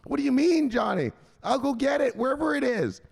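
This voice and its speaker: A man voicing a confused elderly mother on the phone, asking naive, fretful questions in a raised, high voice. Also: expressive, a little fast, creaky, a little mellow, husky, in a large hall, full character voice. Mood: worried, bewildered.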